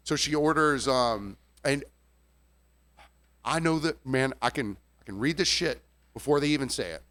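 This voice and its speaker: Lively profane bartender man telling stories. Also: medium pitch, moderate pace, long pauses. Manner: animated, profane, mimics customers' voices. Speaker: podcast host and bartender. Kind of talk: casual storytelling chat.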